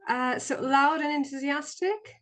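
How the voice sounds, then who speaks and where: A woman's voice: sits high, unhurried, a bit bright. A woman taking part in a webinar over a video call, speaking casually and a little hesitantly. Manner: hesitant, self-deprecating. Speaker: webinar participant. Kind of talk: casual online chat.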